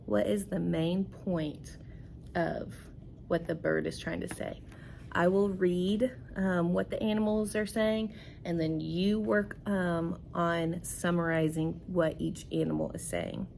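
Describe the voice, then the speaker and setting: A woman's voice: on the low side, takes it slowly, vocal fry, a little hiss or hum. A woman teacher giving a recorded reading lesson, patient and explaining step by step.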